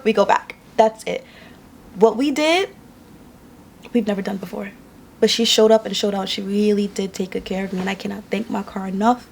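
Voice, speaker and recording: The vlogger, a young adult New Yorker, has a medium-pitched, creaky voice with a little hiss or hum on the audio. Sitting indoors at home, she tells a personal story to camera candidly and emotionally, keeping it conversational like a casual storytelling vlog.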